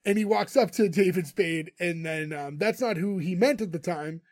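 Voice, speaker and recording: A man's voice: sits high, normal speed, dry recording. A man co-hosting a podcast, animatedly recapping a TV episode in casual chat and laughing often.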